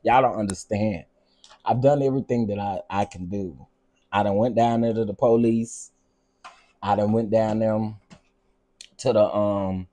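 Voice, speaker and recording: A man hosting a casual vlog, ranting in an animated, repetitive, exasperated way. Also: lowish voice. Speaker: vlog host.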